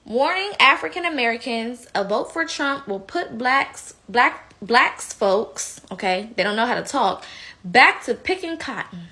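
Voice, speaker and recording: A woman's voice: on the high side, expressive, a little slow, pushed and bright. A woman giving heated, blunt opinion commentary, indignant and outspoken. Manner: slips into mocking impressions.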